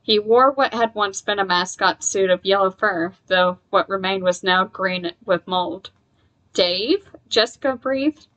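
A woman reading a horror novel aloud at a mid-range pitch. She narrates steadily, tripping on a word now and then and correcting herself before moving on. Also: unhurried, muffled recording. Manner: steady narration with small slips and self-corrections. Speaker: reader.

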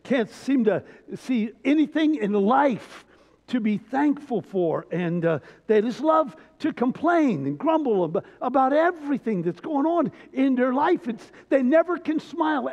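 Brief: older male pastor, very high voice, folksy sermon, reverberant sanctuary. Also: lively intonation, normal speed, a little mellow. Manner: folksy storytelling, frequent hesitations. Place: church sanctuary. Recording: dull church recording with long reverb.

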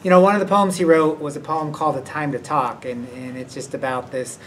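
A man from the school staff chats his way through character awards, wandering and filling pauses as he goes. He sits back from the microphone, and a faint hiss runs under his voice. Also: on the high side, steady tone. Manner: rambling and hesitant, many fillers. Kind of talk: casual unscripted school announcement. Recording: distant mic with faint noise.

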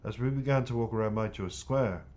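A man narrating an audiobook in the first person, earnest and plain. His voice sits low, and the recording is muffled and lo-fi. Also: fairly quick, darkish tone, a little hiss or hum.

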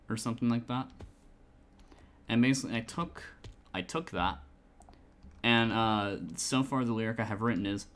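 A man talks casually to his viewers while playing a game, rambling and full of fillers. His voice sits a little low. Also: moderate pace, long pauses, fairly bright tone. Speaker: gamer streaming a survival server. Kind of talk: casual gameplay chatter.

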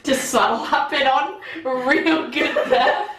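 A woman's voice: high voice, very slow. A young woman co-hosting, teasing and bantering playfully. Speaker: cosplay video co-host. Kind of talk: casual banter. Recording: echoey room, mic far off, faint hiss.

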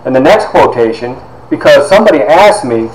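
Animated male storyteller in an echoey room. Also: mid-range voice, a little fast, a crowd in the background. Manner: animated storyteller, drops to hushed asides. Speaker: university instructor. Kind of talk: storytelling lecture to a class.

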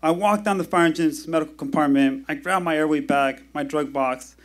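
Live storyteller, male, slightly high voice, wry and measured, pauses for effect, stage mic.

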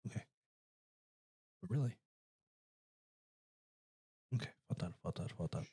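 A man's voice: low-pitched, lively intonation, measured pace, mellow, breathy edge. A Northern Irish man chatting casually over a video game, wry, laughing often and swearing freely. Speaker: game commentator. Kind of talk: casual gaming chat.

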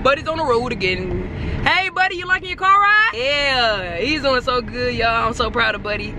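A woman vlogging in casual chat from a car, lively and talking up to her dog. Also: normal speed. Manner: lively, talks to the dog in a high voice. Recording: noisy car interior.

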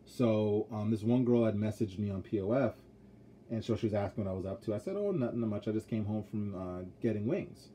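A man's voice: fairly low pitch, lively intonation, brisk, mellow, slight background noise. A young man telling his own dating stories in a casual vlog, blunt and profane, with many fillers. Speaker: vlogger.

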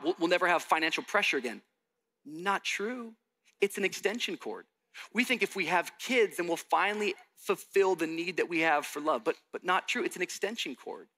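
A man's voice: high voice, bright, forceful tone. A young adult man from Miami preaching a sermon, telling a story with animation and acting out the dialogue. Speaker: pastor.

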